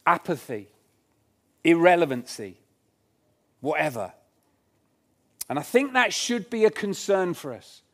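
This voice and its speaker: A man's voice: on the high side, very animated, a little slow, pauses often, fairly bright tone. A man preaching a sermon in church, earnest and emphatic, repeating his key lines. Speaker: pastor.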